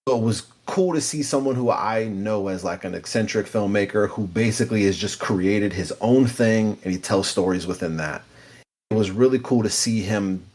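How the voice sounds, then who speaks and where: A man on a film podcast who reads a prepared synopsis in a measured, slightly scripted way, then moves into casual opinions. His voice sits fairly low. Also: a little mellow. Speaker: podcast co-host.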